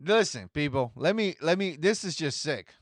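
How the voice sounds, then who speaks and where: A man's voice: fairly high pitch, animated, normal speed, a little hiss or hum. A man in his forties hosting a reaction commentary video, talking in an indignant, repetitive way. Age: 40s. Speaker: commentary channel host.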